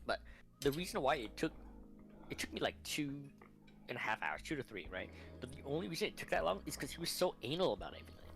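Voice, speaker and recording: Man, streamer, casual rant, tired, profane, mid pitch, faint background music. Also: sing-song, fast talker, gravelly, fairly bright tone. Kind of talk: casual chat.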